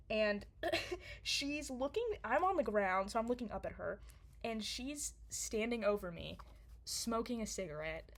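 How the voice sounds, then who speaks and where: A young woman telling a story casually to camera, rambling, laughing often and full of fillers. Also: mid-range voice. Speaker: vlogger.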